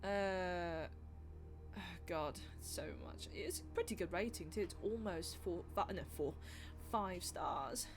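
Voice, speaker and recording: A woman's voice: on the low side, takes it slowly, faint music behind. A young woman streaming live, chatting casually in a rambling, self-deprecating way.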